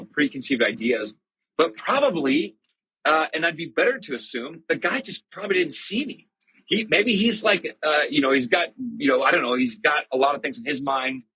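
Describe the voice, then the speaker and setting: A middle-aged man talks in a relaxed, reflective way, his voice husky and raspy, with a bright, forward edge. He rambles a little, full of fillers and self-deprecating asides. The sound is dry and close, with no room around it. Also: mid-range voice, a little fast, no echo, low-quality recording. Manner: conversational, self-deprecating storytelling with many fillers. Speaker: church podcast host. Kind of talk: casual reflective monologue.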